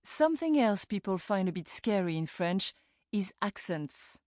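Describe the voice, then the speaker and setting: A woman's voice: mid-range voice, big pitch swings, measured pace, a little mellow, no echo, studio quality. A woman reading a scripted language lesson for an audiobook, demonstrating words carefully. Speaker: language tutor.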